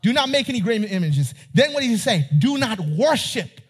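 A man preaching a sermon, reading scripture and asking his congregation questions, rising at times to near-shouting. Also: high-pitched, sing-song, fairly quick, husky. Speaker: pastor.

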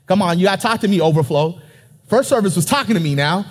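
A male pastor preaching to his congregation in a church. His voice sits high and has a husky edge. He presses his points with emphasis and calls out for the crowd to answer. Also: very animated, a little fast. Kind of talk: sermon.

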